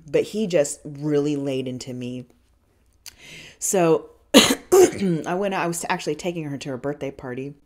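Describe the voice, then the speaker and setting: A woman's voice: sits low, unhurried, pauses often. A middle-aged woman hosting a podcast, telling personal stories in a frank, profane, rambling way. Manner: frank and profane, with many restarts and fillers. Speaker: podcast host. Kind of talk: candid personal storytelling.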